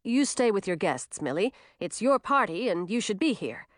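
A woman voicing a caring young friend who speaks calmly and sensibly. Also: mid-range voice, moderate pace, no echo, studio quality, close to an everyday voice.

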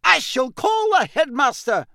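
A man voicing a stern older female deputy headmistress who barks sharp commands. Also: very high voice, very animated, measured pace, gravelly, no echo, studio quality, voice pushed up, exaggerated voice. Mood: stern shouting.

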